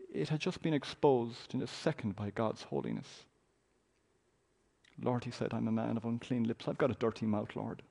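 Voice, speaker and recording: A man's voice: mid-range voice, gravelly, darkish tone. A man preaching a sermon, reading scripture aloud with a dramatic, raised voice.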